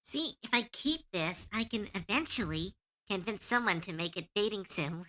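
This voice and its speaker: A woman streaming live from her desk. She chats casually as she draws, musing aloud and giggling often. Her voice is very bright and sharp, and her pitch swings widely. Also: animated, normal speed. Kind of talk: casual live-stream chat while drawing.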